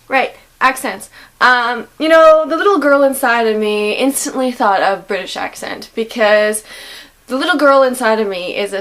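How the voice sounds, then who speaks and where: A woman's voice: fairly high pitch, a bit bright. Chatty, giggly young woman vlogger. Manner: chatty and rambling, giggles often. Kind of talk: casual vlog chat.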